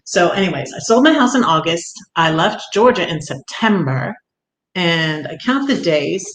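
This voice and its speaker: A woman's voice: on the low side, expressive, moderate pace, reverberant, a little hiss or hum, low-quality recording. An older woman, chatting casually on a livestream, greeting viewers and laughing often. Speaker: livestream vlogger.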